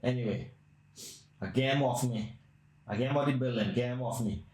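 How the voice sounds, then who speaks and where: A podcast host with a mid-range, slightly mellow voice talks a little fast, with a roomy echo on the recording. He tells a long, casual story in a blunt, crude, rambling way.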